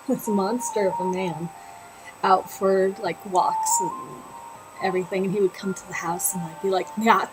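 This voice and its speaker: A woman's voice: medium pitch, poor audio. A woman hosting a knitting livestream, chatting and laughing as she tells a personal story. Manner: chatty and animated, laughing often. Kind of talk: casual storytelling while knitting.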